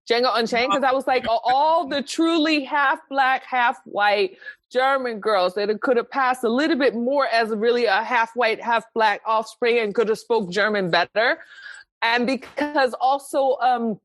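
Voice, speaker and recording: A woman's voice: a little high, dry recording. Chatty rambling woman co-host. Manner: animated, rambling with frequent fillers and restarts. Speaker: podcast co-host. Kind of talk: casual chat. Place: lives in Germany.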